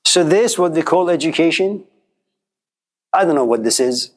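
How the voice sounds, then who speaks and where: A man's voice: on the high side, animated, normal speed. A middle-aged man giving an informal philosophy lecture in a classroom, telling stories and acting out quoted voices in a conversational way.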